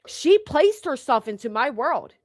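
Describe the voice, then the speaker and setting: Indignant woman ranting, higher-pitched voice. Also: sing-song, a little slow, darkish tone, dry recording, clean studio sound. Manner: indignant, sarcastic, profane, fires rhetorical questions. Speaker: online commentator. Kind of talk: heated ranting commentary.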